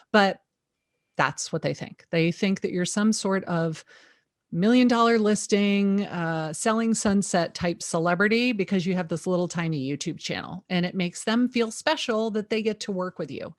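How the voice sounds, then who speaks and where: A middle-aged woman, a real estate agent, speaking as an interview guest in a lively, emphatic way, with sarcastic asides. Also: medium pitch, no echo, studio quality. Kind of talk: energetic interview talk.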